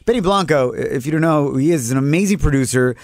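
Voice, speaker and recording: A man's voice: fairly high pitch, very fast, no room sound. A young man hosting a radio show, talking in upbeat, playful banter and laughing easily. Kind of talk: casual morning radio banter.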